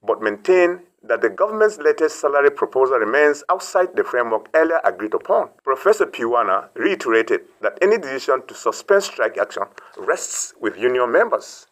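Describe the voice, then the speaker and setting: A man's voice: medium pitch, big pitch swings, brisk, hardly any pauses, fairly bright tone, low-quality recording. A man delivering a scripted news report as correspondent in a formal way.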